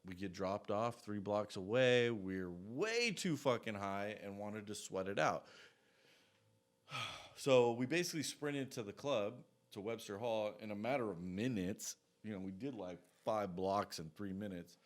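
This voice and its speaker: A man's voice: lowish voice, unhurried. Man, casual monologue storyteller, profane and rambling, lots of asides.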